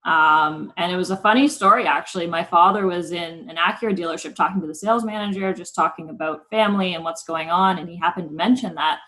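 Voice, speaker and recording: A woman in her thirties, a senior district manager, telling a story in a friendly, steady, casual way. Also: on the low side, fast talker, hardly any pauses, low-quality recording. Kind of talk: casual interview chat.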